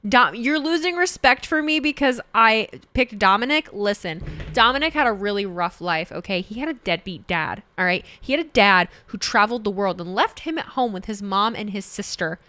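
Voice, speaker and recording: A woman's voice: medium pitch, expressive, moderate pace, few pauses, sharp tone. A woman streamer in casual live chat, joking theatrically and answering her viewers.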